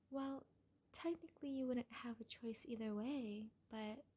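Young woman as a doting, possessive kidnapper; whispered role-play, high, mellow, airy voice. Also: heavily acted. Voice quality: breathy, half-whispered. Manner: gentle, coaxing, calls listener darling. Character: obsessive doting female kidnapper, soft and possessive. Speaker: audio role-play performer.

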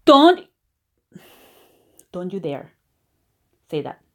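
A young woman acting a jealous, foul-mouthed girlfriend in an audio role-play, swearing constantly and swinging between low mutters and shouting. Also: wildly swooping pitch, extremely slow, slight background noise, full character voice. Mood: yelling.

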